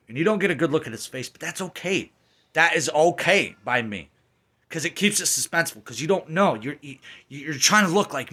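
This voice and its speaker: A man's voice: fairly high pitch, big pitch swings, normal speed, bright, forceful tone. A man giving an angry, profane rant while reviewing a horror film. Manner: profane, ranting, heated. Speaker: movie reviewer.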